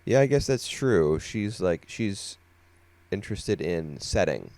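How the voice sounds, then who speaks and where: A sleepy man co-hosting a casual podcast chat, talking things through in an unhurried, thoughtful way with plenty of fillers. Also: low-pitched, very animated, a little mellow. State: sleepy, yawning. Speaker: podcast co-host.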